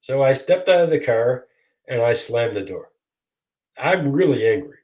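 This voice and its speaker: Over a video call, a guest attorney from Michigan, a man in his sixties, spins a self-mocking story during a casual interview. He speaks expressively at medium pitch, with a measured pace and a darkish tone.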